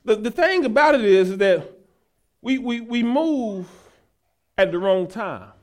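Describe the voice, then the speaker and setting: Male pastor, very high voice, folksy sermon building to shouts. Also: lively intonation, a little slow. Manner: builds from casual asides to shouted preaching; folksy, talks to the congregation as y'all.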